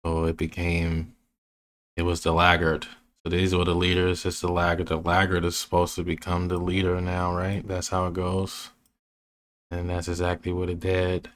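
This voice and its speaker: A man's voice: sits low, completely flat delivery, normal speed, a bit bright, slight background noise. A man casually walking through trading charts, rambling and restarting his sentences. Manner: rambling, restarts often, many fillers. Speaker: trading educator.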